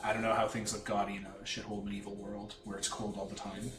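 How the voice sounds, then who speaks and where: A man's voice: fairly low pitch, flat delivery, fast talker. Joking, swearing male game master. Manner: laughing, swearing, self-mocking. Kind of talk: narrating a tabletop game. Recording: echoey room with faint music.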